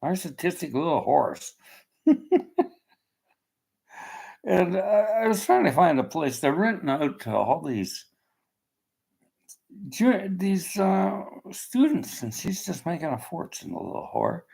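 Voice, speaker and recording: An older man rants angrily, swearing and talking bluntly. His voice is rough and husky, with a gravelly edge. His pitch leaps and drops with agitation. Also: big pitch swings, a little slow, a little mellow, rough recording. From Canada. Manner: agitated, ranting, blunt and profane. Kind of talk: angry personal rant.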